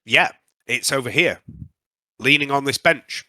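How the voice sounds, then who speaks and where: A man running a tabletop game as game master, narrating with frequent um pauses. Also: mid-range voice, pushed and bright, no room sound.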